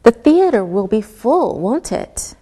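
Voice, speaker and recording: Slow sing-song English teacher woman. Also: on the high side, big pitch swings, warm tone. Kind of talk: scripted grammar lesson.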